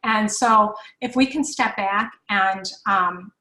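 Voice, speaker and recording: A woman's voice: medium pitch, slow pace, bright, forceful tone. A woman in her forties hosting a live parenting workshop, chatty and reassuring as she answers viewer questions with frequent fillers. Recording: echoey room.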